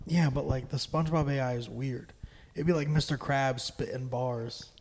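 A man's voice: medium pitch, steady tone, normal speed, a little mellow, slight background noise. A young man co-hosting a casual podcast chat, curious and teasing, asking lots of questions. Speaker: podcast co-host.

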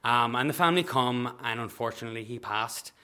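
A man, a nurse, telling a story to an audience, animated and acting out the people in it. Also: mid-range voice, a little fast, clear, resonant tone. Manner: animated, acts out voices, bursts of shouting and laughter. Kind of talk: live storytelling.

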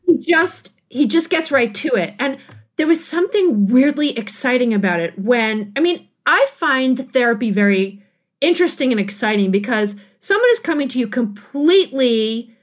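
A middle-aged woman, a guest author on a podcast, telling a personal story in a casual, animated way and laughing often. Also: high voice, normal speed. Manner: animated, laughing, acts out quotes.

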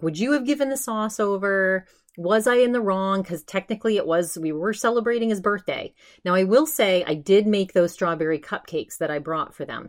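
A young woman hosting a podcast, telling a story in casual chat with animated quoted asides. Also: mid-range voice. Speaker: podcast host.

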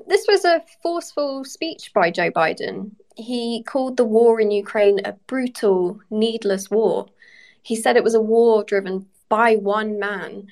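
A woman correspondent on a news podcast, giving measured, clear analysis. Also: mid-range voice.

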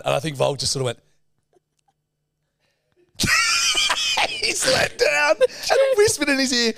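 A man's voice: extremely high pitch, huge pitch swings, takes it slowly, vocal fry, pauses often, pushed and bright, a little hiss or hum. A man, hosting a podcast and telling a story in casual, profane, laughing chat. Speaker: podcast host.

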